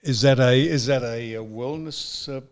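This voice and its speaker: An older man hosting a podcast, asking halting questions in casual interview chat. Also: medium pitch. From Australia. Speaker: podcast host.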